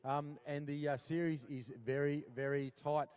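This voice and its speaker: An Australian man calling live powerboat racing, upbeat and chatty, full of shout-outs and "mate". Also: on the high side, flat delivery, moderate pace, smooth. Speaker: powerboat race commentator. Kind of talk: live sports commentary.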